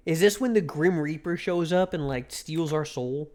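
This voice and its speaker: A man with a fairly high voice streams a game, joking irreverently with his chat. Faint music plays behind him. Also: normal speed, few pauses, a little mellow. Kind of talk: casual live-stream commentary while reading a game aloud.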